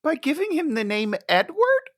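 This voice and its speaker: Lively sarcastic podcast co-host. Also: high-pitched, normal speed. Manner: sarcastic, exasperated jabs. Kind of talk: casual movie review chat.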